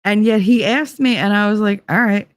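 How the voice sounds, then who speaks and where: A woman's voice: medium pitch, normal speed, dry recording. A woman hosting a podcast, chatting through a long personal story in a rambling way, full of "like" fillers. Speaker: podcast host. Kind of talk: casual storytelling monologue.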